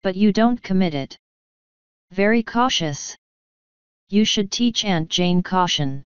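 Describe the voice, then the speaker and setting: A woman reading a classic detective novel aloud as an audiobook narrator, in a measured, steady manner. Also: medium pitch, clean tone, dry recording, dull audio. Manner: measured, steady reading, voicing each character in turn. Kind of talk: scripted narration.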